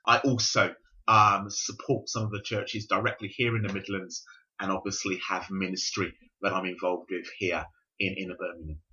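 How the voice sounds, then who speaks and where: A man in his fifties from South London, speaking with a London accent as a bishop being interviewed on a podcast, explaining in a measured, reflective way. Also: low-pitched, level tone, pushed and bright. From South London, England. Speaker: Pentecostal bishop, guest. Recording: dull lo-fi recording.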